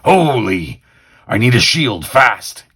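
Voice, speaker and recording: A man reading aloud as Wolverine, a sardonic, terse mutant loner, in a low growl. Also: lively intonation, a little slow, gravelly, a bit bright, slightly rough, heavily acted. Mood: urgent. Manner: terse, wry tough-guy inner monologue. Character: gruff mutant loner hero, middle-aged man, sardonic.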